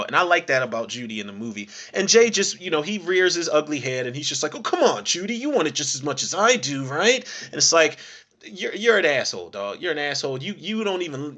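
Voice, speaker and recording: A man hosting a horror film podcast, telling stories in a loose, profane, animated way and acting out characters' lines. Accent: Philadelphia. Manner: animated storytelling, acts out characters' lines with pitch jumps. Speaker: podcast host reviewing horror films. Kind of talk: casual profane monologue.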